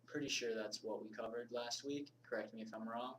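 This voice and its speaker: Energetic man teaching casually. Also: mid-range voice, a little fast, recorded from a distance, a little hiss or hum, low-quality recording. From United States. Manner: energetic, informal, moves around and gestures while talking. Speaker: body language instructor. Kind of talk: casual video lesson.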